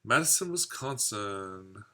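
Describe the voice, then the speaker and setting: Chatty bright-voiced man hosting a live stream. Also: lowish voice, lively intonation, takes it slowly. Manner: rambling, chatty, laughs at own jokes. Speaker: fishkeeping channel host. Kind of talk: live stream chat reading viewer comments.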